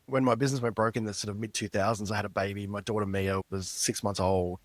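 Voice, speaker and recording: A man's voice: on the low side, flat delivery, quick pace, no echo. A middle-aged man, a podcast guest telling a personal story in an earnest, reflective way. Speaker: guest author. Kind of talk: storytelling interview.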